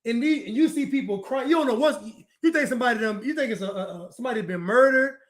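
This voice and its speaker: Speaking quickly in a very high-pitched voice, this male commentator gives a preachy, mocking monologue. He hammers points home by repeating phrases and performs the lines of other people.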